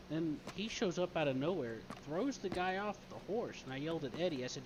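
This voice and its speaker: A man chatting casually, recounting a game scene in an animated way, swearing often and acting out quoted lines. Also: a little high, quick pace, hardly any pauses, background noise. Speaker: streamer in role-play game.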